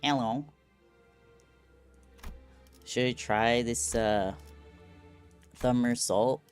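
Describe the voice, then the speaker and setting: A man streams a video game and chats casually as he plays. He talks slowly and wanders from thought to thought, often laughing at himself. Faint game music sits underneath. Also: medium pitch, fairly even intonation. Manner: rambling, self-deprecating, laughs at himself. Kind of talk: casual gameplay commentary.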